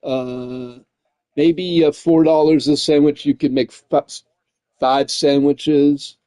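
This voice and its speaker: A slightly high-voiced man rambles in a loose, profane chat, tossing in "man" and "dude" between thoughts. His tone is mellow and dark rather than bright. The recording is close and dry, with no room sound. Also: fairly even intonation, slow, dry recording. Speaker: gaming streamer.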